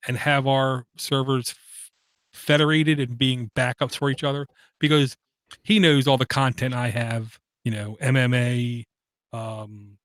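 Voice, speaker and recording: A man's voice: mid-range voice, a bit bright, no room sound. A man co-hosting a podcast in casual chat, rambling and opinionated, often restarting his sentences. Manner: rambling, self-interrupting, opinionated. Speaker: podcast co-host.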